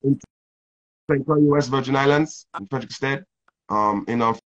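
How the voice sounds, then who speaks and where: A man's voice: medium pitch, moderate pace, a bit bright. A man hosting a casual interview, rambling and laid-back with lots of fillers. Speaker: host. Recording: dull lo-fi sound.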